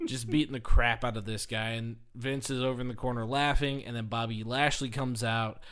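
A man co-hosting a podcast, casually telling an animated story and laughing often. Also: mid-range voice, a little fast, smooth. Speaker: podcast co-host. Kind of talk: casual chat.

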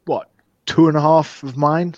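A man's voice: fairly high pitch, steady tone, normal speed, a little mellow, no echo, lo-fi sound. A man co-hosting a podcast, laid-back and teasing in casual chat. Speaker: podcast co-host.

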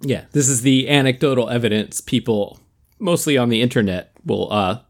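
A male podcast co-host in relaxed, joking conversation. He delivers grand, gloomy-sounding statements about life with a straight face, using deadpan timing to land absurd punchlines. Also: medium pitch, normal speed. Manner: deadpan, mock-philosophical humor. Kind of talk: casual comedic podcast chat.

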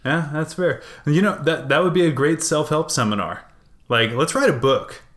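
A man's voice: fairly high pitch, normal speed, a bit bright. A man co-hosting a podcast in casual chat, spinning conspiracy theories with mock-dramatic flair and easy slang. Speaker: podcast co-host.

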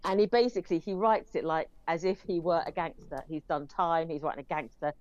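A woman's voice: sits low, a little fast, a little mellow, no room sound, highs cut off. A woman reviewing films in casual, rambling chat, with many fillers. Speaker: film reviewer.

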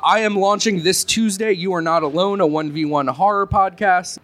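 A man with a high, bright voice who hosts a live podcast show. He thanks sponsors and then narrates the opening scene as game master. His delivery is upbeat and friendly. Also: normal speed, faint music behind.

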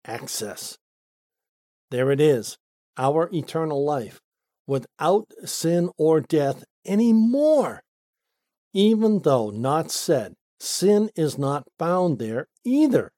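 A man reading a Bible study commentary aloud. He speaks deliberately and lifts his pitch sharply to stress single words. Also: dark tone, no room sound, studio quality. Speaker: Bible teacher.

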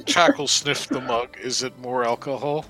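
Bright-voiced man playing a tabletop game. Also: medium pitch, moderate pace, soft background music. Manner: describes his character's actions in third person. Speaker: player. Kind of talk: casual tabletop play.

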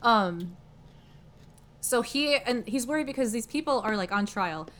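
A woman's voice: fairly high pitch, expressive, a little slow, a bit bright. A woman casually recapping a story in a chatty way, full of fillers like "like" and "um" and frequent laughs. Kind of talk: casual plot summary.

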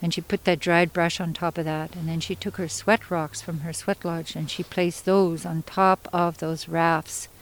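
A woman storyteller from Yukon, Canada, telling a traditional story in an unhurried, conversational way with pauses and asides. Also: fairly low pitch, flat delivery, poor audio. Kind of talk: oral storytelling.

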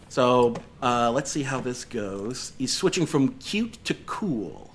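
A man's voice: medium pitch, slow. A man in his thirties narrating a tabletop game as game master, rambling with lots of fillers and restarts. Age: 30s.

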